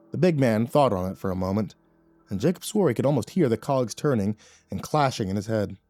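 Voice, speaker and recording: A man narrating a scripted horror story in a measured storytelling manner. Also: fairly low pitch, mellow, no echo, faint music behind.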